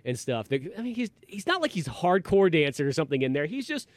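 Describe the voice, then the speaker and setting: A man hosting a podcast, telling a rambling, animated story in casual chat and acting out quotes in a raised voice. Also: fairly high pitch, quick pace, no echo. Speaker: podcast host.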